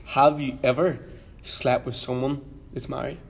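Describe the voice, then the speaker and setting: A man's voice: mid-range voice, fairly even intonation, a little slow, creaky, husky. A man, a podcast co-host, reacting bluntly and swearing in casual chat.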